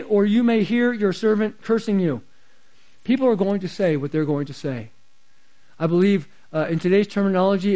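A man with a very high voice delivers a sermon. He preaches in a conversational way and leans hard on the scripture he reads out. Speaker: pastor.

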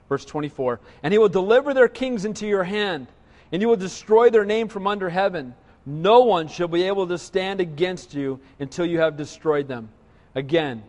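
A man's voice: a little high, in a large hall. A middle-aged man preaching a sermon, joking and telling stories, often asking listeners "right?". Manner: storytelling with humor, asks listeners "right?". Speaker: pastor.

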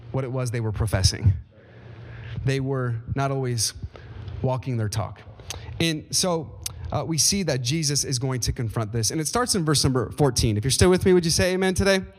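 A man preaching a sermon as pastor, telling a scripture story with animated energy and some fillers. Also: fairly quick. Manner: animated storytelling, rising pitch when excited. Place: church sanctuary. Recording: long reverb of a large hall.

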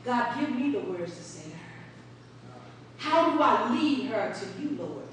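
A woman's voice: on the high side, sing-song, a little slow. A woman preaching a conversational sermon to a congregation, telling stories, asking questions and laughing often. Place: church sanctuary. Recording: very echoey room from far off, faint hiss.

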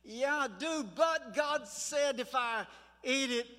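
A man's voice: extremely high pitch, slow pace, bright, forceful tone, voice pushed up, full character voice. A man voicing a naive, hesitant young woman in an echoey church hall.

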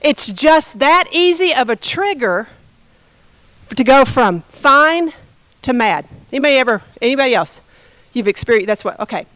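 A woman's voice: sits high, lively intonation, normal speed, a bit bright, dry recording, poor audio. A woman pastor giving a conversational sermon, often asking the congregation questions.

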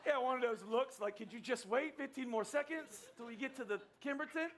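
A man's voice: extremely high pitch, brisk, a bit bright, a little hiss or hum. A middle-aged man preaching a sermon, telling a family story in a conversational way and acting out the quoted lines. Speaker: pastor.

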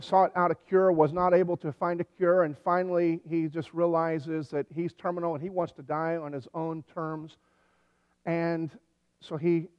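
Man preaching in a reverberant hall. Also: a little high. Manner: conversational preaching with dry humor and animated storytelling. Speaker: pastor. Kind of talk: sermon. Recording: dull recording with long hall reverb.

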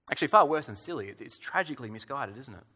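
A man's voice: mid-range voice, animated, racing, sharp tone, slightly rough. A male preacher giving a conversational, wry sermon in a church hall, full of rhetorical questions and fillers. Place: church hall with about a hundred people.

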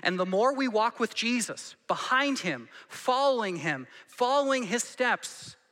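Brief: male pastor preaching, ringing high voice, echo of a big sanctuary, repeats points for emphasis. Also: animated, unhurried, pushed and bright. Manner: conversational preaching with rhetorical questions and emphatic repetition. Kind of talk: sermon.

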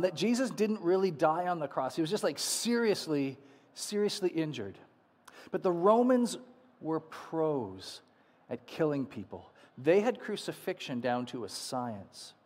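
Male pastor, slightly high voice, dramatic sermon delivery in a reverberant sanctuary. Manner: dramatic, drops to soft low endings. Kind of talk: Easter sermon with scripture reading.

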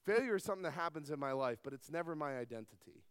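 Middle-aged male pastor, high pitch, emphatic sermon delivery, dry close sound. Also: expressive, rapid-fire, few pauses, clean tone, dry recording. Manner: emphatic preaching that swings between loud stresses and soft asides.

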